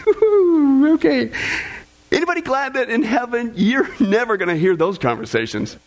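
A man with a strikingly high voice preaches a sermon to a church congregation. He keeps the delivery animated and jokey. He often laughs at his own punchlines. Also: normal speed. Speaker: pastor.

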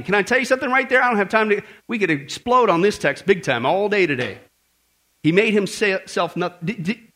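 A man's voice: high voice, bright, forceful tone. A man preaching a sermon as pastor, asking the congregation rhetorical questions and telling a story.

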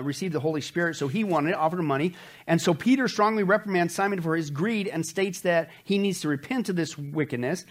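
A man with a slightly high voice leads a Bible study in a loose, conversational sermon style. He presses his points with emphasis and keeps turning to his listeners with rhetorical questions.

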